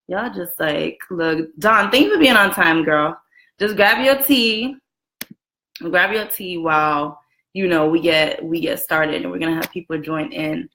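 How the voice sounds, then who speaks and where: A woman in her twenties hosting a casual live video chat from a room at home, chatty and lively, greeting viewers by name and laughing often. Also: on the low side, unhurried. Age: 20s. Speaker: livestream host. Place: room at home with a roommate next door. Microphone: camera and phone set up for a live stream.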